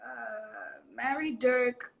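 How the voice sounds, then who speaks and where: A woman's voice: a little high, extremely slow, vocal fry, crowd noise. A woman guest on a casual live-stream chat who giggles, hesitates and stumbles over her answers.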